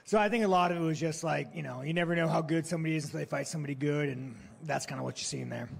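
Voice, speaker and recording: A man's voice: a little high, rapid-fire, creaky, husky. A man answering reporters at a post-fight press conference, blunt, profane and provocative, mocking and laughing at his own jokes.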